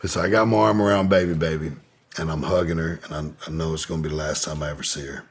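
A man's voice: a bass voice, fairly even intonation, fast talker, breathy edge. A man telling a long personal story as a podcast guest, in a laid-back, profane, rambling way. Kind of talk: casual storytelling in an interview.

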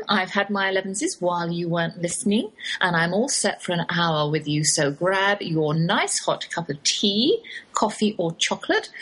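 A woman's voice: fairly low pitch, husky, poor audio. A woman with an English accent hosting a chatty radio talk show, wry and full of British turns of phrase. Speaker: host. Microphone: studio microphone in a home office.

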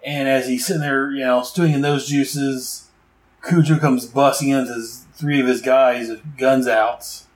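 A man's voice: mid-range voice, fairly even intonation, unhurried, reverberant, poor audio. A man giving a casual, rambling recap of a comic book issue, full of fillers and enthusiastic asides.

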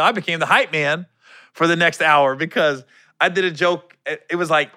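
A man telling a long, rambling story in a casual, animated way, often correcting himself mid-sentence. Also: a little high, moderate pace, clear, resonant tone, dry recording.

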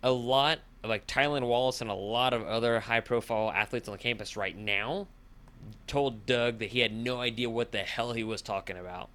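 A man hosting a casual sports talk show, opinionated and exasperated, climbing high in pitch when he gets heated. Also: normal speed, pushed and bright.

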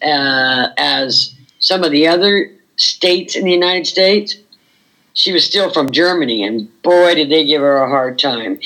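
A woman's voice: sits low, fairly bright tone, rough recording. An older woman, a former burlesque performer, reminiscing frankly in a chatty interview and often saying "you know".

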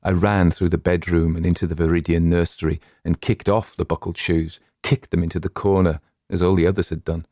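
Deep, mellow male horror storyteller. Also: flat delivery, no room sound, clean studio sound. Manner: hushed, measured, chanting rhymes slowly. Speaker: narrator. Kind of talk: storytelling reading of a horror tale.

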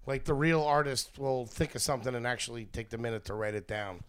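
A man's voice: medium pitch, fairly even intonation, a little fast, smooth. A man chatting on a casual comedy podcast, answering with dry, teasing comebacks.

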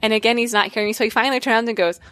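A woman's voice: on the high side, very fast, a bit bright, no room sound, clean studio sound. A woman telling a story in casual conversation, acting out quotes and laughing often. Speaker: guest.

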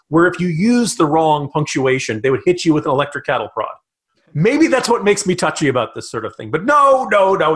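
A man's voice: a little high, fairly bright tone. A man co-hosting a political podcast, ranting in mock outrage. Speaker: podcast co-host and writer. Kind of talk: casual political podcast chat.

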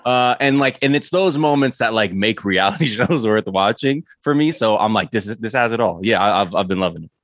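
A man guesting on a podcast, talking in a laid-back, halting way with lots of restarts. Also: on the low side, expressive, fairly bright tone, no echo, studio quality. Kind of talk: casual chat.

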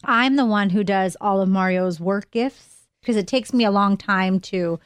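A cheerful woman co-hosts a radio show, chatting casually and laughing easily. Her voice is mid-pitched, recorded close on a studio mic in a dry, dead space. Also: measured pace, clear, resonant tone, dry recording. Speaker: radio co-host. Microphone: studio microphone.

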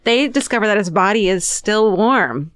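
A woman's voice: mid-range voice, animated, normal speed, a bit bright, smooth, dry recording, clean studio sound. A woman co-hosting a podcast, telling grim true stories in casual chat, swearing freely and acting out quotes with laughs. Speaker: podcast co-host telling the story.

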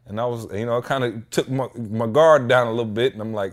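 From a basement at home, a male podcast host speaks at a moderate pace in a mid-range voice. He's an animated, slangy storyteller, stretching out a long casual yarn and voicing the people in it.

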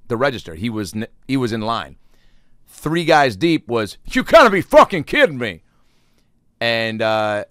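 Comic monologist, male, profane and rambling, animated pitch, loud bursts when quoting. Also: dry recording, clean studio sound. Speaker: comedian.

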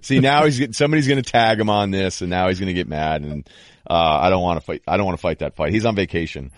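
A man's voice: low voice, quick pace, dry recording, clean studio sound. A man hosting a sports podcast in casual chat, hesitant and self-deprecating with wry humor. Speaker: podcast host.

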